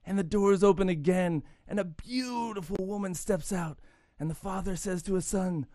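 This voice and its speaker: A man's voice: high voice, normal speed, mellow, no room sound, studio quality. A podcast host telling jokes in a casual chat, rambling through his stories and laughing at his own punchlines. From Irish heritage.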